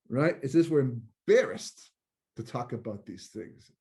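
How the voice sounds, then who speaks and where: A man's voice: mid-range voice, sing-song, normal speed, dark tone. A man, a rabbi giving a Torah lecture in a conversational way, often repeating words and mixing in Hebrew terms. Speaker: rabbi and teacher.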